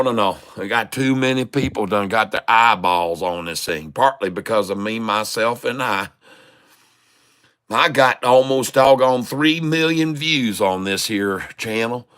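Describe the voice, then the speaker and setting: A man's voice: medium pitch, sharp tone. A man hosting a stock trading livestream, rambling in a folksy, crude, joking way with frequent chuckles. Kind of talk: casual rambling livestream commentary.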